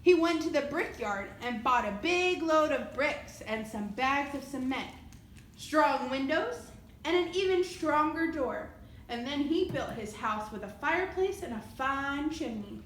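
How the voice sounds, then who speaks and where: A woman on the library staff reading a fairy tale aloud in a lively, expressive storybook manner. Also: sits high, measured pace, roomy sound, slight background noise, low-quality recording.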